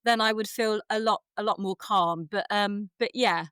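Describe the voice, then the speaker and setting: A woman's voice: mid-range voice, normal speed, clear, resonant tone, dry recording, studio quality. A woman in her forties, a guest actress telling self-deprecating stories in casual chat with plenty of fillers. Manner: self-deprecating, animated storytelling with frequent fillers.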